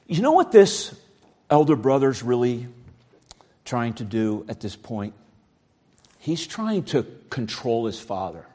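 A male pastor preaching a sermon, swinging from loud outbursts to quiet asides. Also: sits high, sing-song, unhurried.

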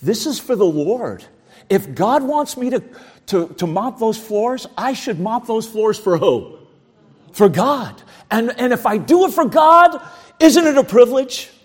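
A male pastor preaching a sermon, swinging from loud outbursts to quiet asides. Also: extremely high pitch, lively intonation, measured pace, breathy edge.

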